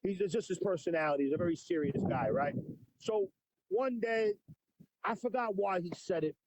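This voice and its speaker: A man's voice: sits high, normal speed, a little mellow, no room sound, poor audio. A man being interviewed about his songs, rambling and repeating words in a stop-start way. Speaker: interview guest, musician. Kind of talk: casual interview chat.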